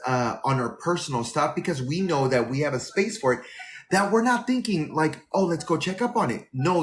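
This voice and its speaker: A man who works as a flight attendant, telling a rambling, animated story on a live stream. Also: fairly high pitch, slight background noise.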